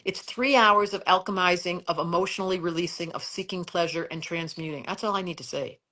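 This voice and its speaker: A middle-aged woman with a slightly low voice, talking as an astrologer on a live stream. She speaks emphatically and rambles a little as she goes. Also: fairly quick, sharp tone.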